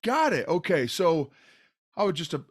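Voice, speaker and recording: A man's voice: on the high side, sing-song, normal speed, breathy edge. A man in his forties hosting a podcast interview, eager and informal, laughing often between questions. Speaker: podcast host. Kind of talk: casual interview chat.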